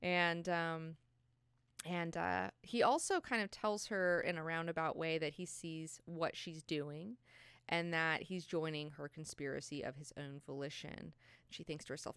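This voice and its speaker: A woman hosting a book club in casual chat, with a bright, crisp voice set a little low. She is animated and swears freely. The sound is dry and close to the mic. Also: a little slow, no room sound.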